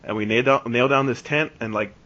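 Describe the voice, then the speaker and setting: On a podcast, a male host in his twenties tells a long, casual story, rambling, restarting and saying "like" constantly. His mid-range voice moves at a quick pace with a sharp tone, and the recording is dull and lo-fi.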